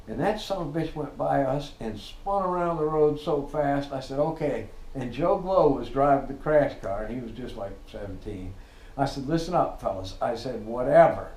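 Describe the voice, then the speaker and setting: Lively middle-aged man spinning a tale. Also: medium pitch. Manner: animated, laughing, swearing, acts out quotes. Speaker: storyteller. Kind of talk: casual storytelling. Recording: echoey room with faint noise.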